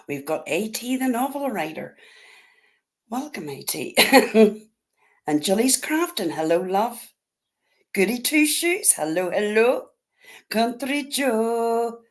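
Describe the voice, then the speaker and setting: A woman with a Northern Irish accent hosts a casual livestream, greeting her viewers one by one in an easy, chatty way. She takes her time, talking at an unhurried pace. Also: mid-range voice. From Northern Ireland. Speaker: livestream host.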